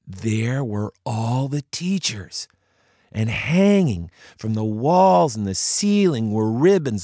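Animated male storyteller, dry close sound. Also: medium pitch, takes it slowly, dry recording. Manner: acts out the children's voices, drops to hushed tones for suspense. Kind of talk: performed storytelling of a childhood memory.

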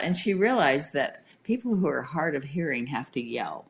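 Animated middle-aged woman telling stories. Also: sits low, moderate pace, husky. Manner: animated storyteller, reads aloud from her book. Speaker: guest author. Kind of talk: casual chat.

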